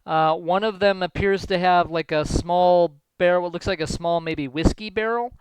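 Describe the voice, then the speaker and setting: A man's voice: high voice, steady tone, moderate pace, clear, resonant tone, no echo, low-quality recording. A man narrating a tabletop game as game master, hesitant and full of fillers.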